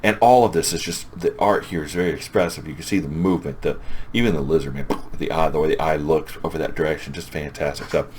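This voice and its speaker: A man with a low voice reviewing a comic book in a casual, chatty way. He sounds enthusiastic about what he has read. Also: fast, darkish tone, a little hiss or hum.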